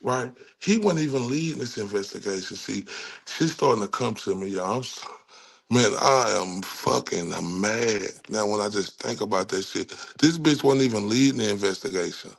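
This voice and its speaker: A man's voice: on the low side, lively intonation, normal speed, creaky. A man with a Texan accent giving angry, profane true-crime commentary and talking straight to his viewers. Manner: angry, cursing, talks to viewers.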